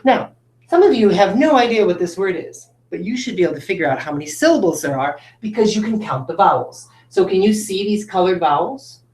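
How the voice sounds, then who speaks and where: A woman's voice: medium pitch, very animated, a little fast, a little mellow, echoey room. A woman teacher giving a phonics lesson to children, addressing them directly and encouragingly as she demonstrates words. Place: classroom.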